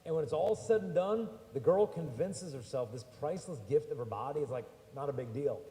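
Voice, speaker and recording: A man with a fairly high, mellow voice tells stories to a young crowd in a chatty, animated way. The sound is roomy, with a long church reverb trailing each phrase. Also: fairly quick. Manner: chatty, animated storytelling, slangy asides. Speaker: speaker addressing young people. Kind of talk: lively humorous talk to a live audience. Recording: echoey church hall.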